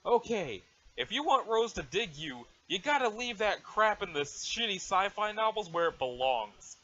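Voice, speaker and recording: A man voicing a cocky, deadpan teenage boy who talks in swaggering slang, on a dull lo-fi mic. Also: high-pitched, normal speed, full character voice.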